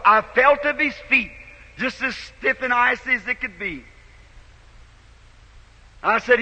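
A man preacher telling a story in a sermon, swelling from soft to shouted, on a dull 1950s tape in a big echoing hall. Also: very high-pitched, a little slow.

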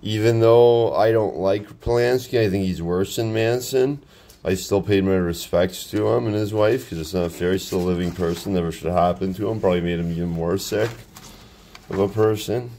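A man's voice: low voice, fairly even intonation, normal speed, dark tone. Rambling man leafing through his sketchbook. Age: 30s. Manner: rambling, with frequent fillers and restarts. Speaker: artist showing his sketchbook. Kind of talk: casual rambling commentary.

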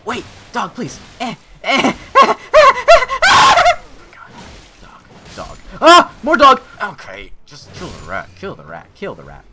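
A young man giving crude, excitable commentary while playing a video game, swinging from mutters to yells. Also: high-pitched, unhurried, noisy background. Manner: crude joking. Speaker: gaming YouTuber. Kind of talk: Let's Play commentary.

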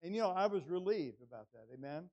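An older male pastor in a church, his voice sitting slightly high for a man. He tells his story haltingly, with many "and, uh" restarts, then rises into emphatic preaching. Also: lively intonation, darkish tone, dull audio. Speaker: guest pastor. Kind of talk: sermon with personal story. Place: church sanctuary.

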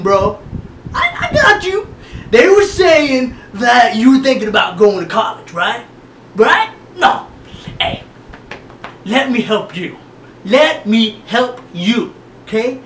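A man voicing a dim, loud jock older brother with brash bro talk. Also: very high-pitched, slight background noise, voice pushed up, full character voice. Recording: echoey room, far mic, guitar music.

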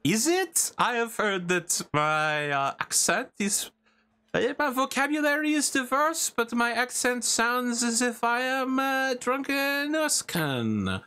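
A man's voice: very animated, slow pace, sharp tone, clear, resonant tone, exaggerated voice. Guy doing a pompous priest, fake bad french accent, swoops way up. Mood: flustered. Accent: bad put-on French accent. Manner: flowery, courtly, high-pitched bursts. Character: pompous humble-posing male priest.

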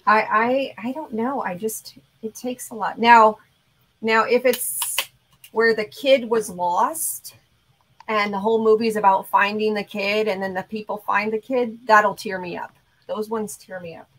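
A woman hosting a casual chat, talking in a relaxed way and reading out viewer comments. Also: mid-range voice, measured pace, low-quality recording. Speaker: host.

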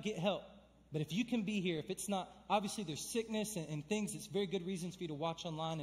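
A man's voice: on the high side, long reverb tail. A young man preaching a sermon in a church, conversational and emphatic, building to fervent calls. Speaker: pastor. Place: church sanctuary.

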